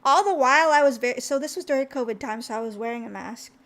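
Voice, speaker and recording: A woman's voice: sits high, quick pace, fairly bright tone. A young woman streamer telling a story casually to her chat, rambling with lots of fillers and laughs. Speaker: VTuber streamer.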